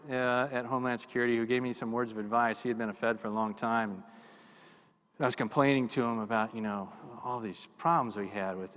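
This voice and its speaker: Middle-aged man, keynote speaker, folksy and self-deprecating; dull sound with long hall reverb. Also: mid-range voice. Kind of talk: storytelling keynote speech. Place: large conference hall.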